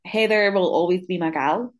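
Blunt woman co-host, low-ish voice, opinionated casual chat. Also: normal speed. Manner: blunt, opinionated, swears freely. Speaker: podcast co-host.

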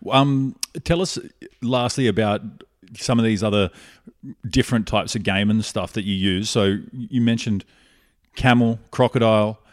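Laid-back Australian podcast host, slangy. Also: male voice, on the low side, moderate pace. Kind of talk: casual interview chat. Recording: reverberant room.

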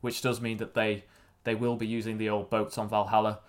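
A man's voice: on the low side, little pitch movement, a little fast. A man hosting a casual theme park podcast, upbeat and lifting his voice for the sign-off. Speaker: podcast host. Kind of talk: casual chat.

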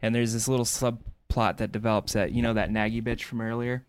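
A man's voice: medium pitch, flat delivery, fairly quick, clear, resonant tone. A man co-hosting a podcast, casually and jokingly retelling a TV episode with loose swearing. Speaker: podcast co-host. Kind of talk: casual episode recap chat.

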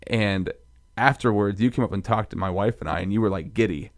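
A man in his thirties co-hosting a podcast, talking casually and retelling a story in a rambling, animated way. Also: on the low side, a little fast. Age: 30s. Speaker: podcast co-host. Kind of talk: casual faith podcast chat.

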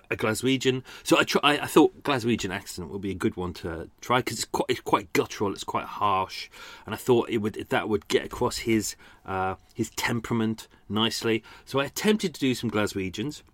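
A man's voice: lowish voice, moderate pace, a bit bright, dry recording. A man hosting a podcast, chatting casually with lots of fillers and self-deprecating asides. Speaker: podcast host. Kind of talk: casual chat.

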